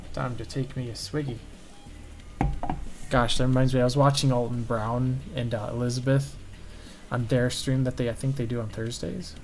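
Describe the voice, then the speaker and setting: A man who is a cartoonist, chatting casually while he inks a drawing on stream and trailing off into low-key asides to himself. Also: creaky, a little mellow. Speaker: cartoonist streaming his inking.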